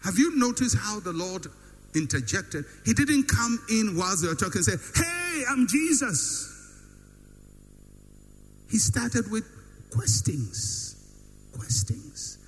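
A man's voice: sits high, very animated, measured pace. A man preaching a sermon, with emphatic, repetitive build-ups and rhetorical questions. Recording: long hall reverb with faint hum.

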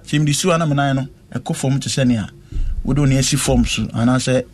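Man, interviewee, slow earnest storytelling, mid-pitched voice. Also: darkish tone. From West Africa. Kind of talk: recounting a personal ordeal in conversation.

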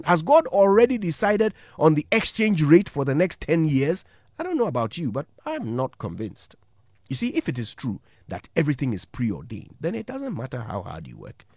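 A man's voice: a little high, a little mellow, dry recording. A man with a Ghanaian accent giving a motivational radio talk as a morning show host, telling a story and asking rhetorical questions.

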